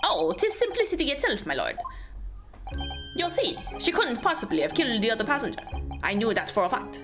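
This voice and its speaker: A woman voicing a kindly, gallant middle-aged Irish man in a game, with a put-on Irish accent and folksy, gentlemanly talk. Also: fairly high pitch, wildly swooping pitch, a little fast. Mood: earnest. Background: game music.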